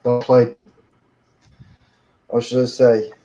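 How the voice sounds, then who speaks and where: A man's voice: mid-range voice, monotone, slow, warm tone, dull audio. A man calling into a live stream, arguing in a pompous, formal manner. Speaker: caller. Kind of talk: heated live-stream argument.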